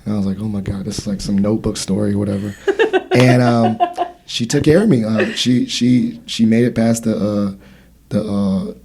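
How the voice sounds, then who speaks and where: A man's voice: fairly low pitch, moderate pace, gravelly, mellow, husky. A man in his thirties hosting a casual podcast conversation, telling a story in a rambling way with many fillers and restarts. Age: 30s. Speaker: podcast host.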